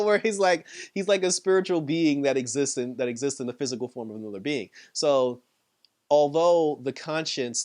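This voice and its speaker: A man casually recapping a TV episode, chatty and quick to laugh, with lots of "like" and "you know.". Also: mid-range voice. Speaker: TV show reviewer.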